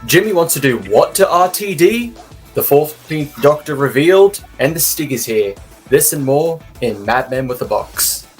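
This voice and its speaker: A man's voice: on the high side, expressive, moderate pace, faint music behind. A man co-hosting a casual podcast chat with dry, sardonic teasing. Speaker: podcast co-host.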